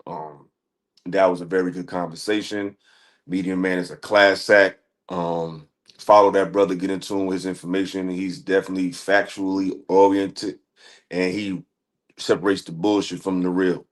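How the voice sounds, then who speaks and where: A man's voice: low voice, little pitch movement, moderate pace. A man hosting a live stream, talking casually to his audience in loose slang with many fillers. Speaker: livestream host.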